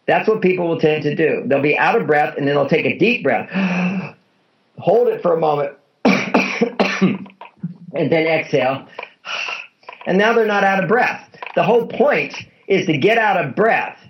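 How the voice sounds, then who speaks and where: Gravelly man explaining earnestly. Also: fairly high pitch, expressive, normal speed. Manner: earnest, instructive, repeats key points. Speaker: guest author. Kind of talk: conversational explaining in an interview. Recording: dull lo-fi audio.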